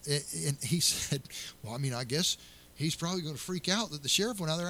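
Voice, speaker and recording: Earnest bright-voiced sheriff. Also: male voice, a little high, lively intonation, fast talker. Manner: earnest, storytelling with many restarts. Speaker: county sheriff. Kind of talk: interview answers.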